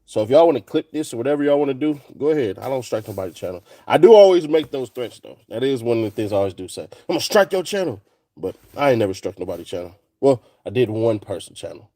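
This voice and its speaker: A man's voice: mid-range voice, lively intonation, quick pace, hardly any pauses, mellow, no room sound, poor audio. Man rambling profanely in a car. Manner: loose, profane storytelling with slang. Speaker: vlogger. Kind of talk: casual chat while driving.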